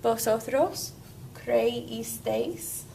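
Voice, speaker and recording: A woman teacher leads a grammar lesson step by step, upbeat and encouraging. Her voice sits a little high, with a gravelly fry at the ends of her phrases. A faint background noise runs under the recording. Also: very slow. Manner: upbeat, walks students through steps. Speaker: Spanish teacher.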